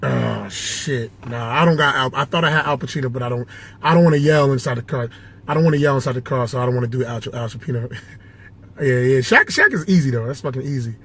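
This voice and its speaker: Inside his car, an amateur impressionist talks to himself for a casual impressions vlog, rambling loosely, swearing often and trying out impressions. His medium-pitched voice is animated, quick, fairly bright and slightly rough.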